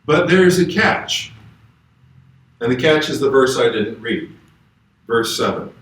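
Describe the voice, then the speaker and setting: A man's voice: medium pitch, lively intonation, slow pace, a bit bright. A man guest preacher giving a conversational, emphatic sermon in a church and reading scripture aloud. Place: church sanctuary. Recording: echoey church hall from far off.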